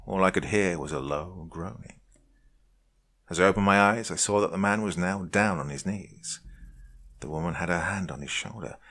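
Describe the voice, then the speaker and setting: A man narrating a spooky story in an expressive, dramatic storytelling manner. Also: low-pitched, creaky.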